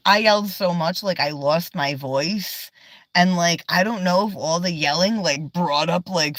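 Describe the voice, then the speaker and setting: A woman's voice: low-pitched, a bit bright, no room sound, studio quality. A woman livestreaming from inside her car, chatting casually, swearing often and laughing a lot as she rambles.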